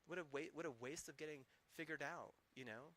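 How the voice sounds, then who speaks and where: A man's voice: on the high side, fairly quick, sharp tone. A man streaming, ranting angrily with heavy swearing and rambling, restarting sentences. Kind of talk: angry profane rant.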